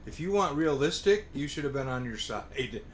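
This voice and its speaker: A man's voice: mid-range voice, lively intonation, moderate pace, slight background noise. A man playing a truck game alongside a friend, chatting casually, laid-back and teasing. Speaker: co-player. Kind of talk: casual gameplay chat.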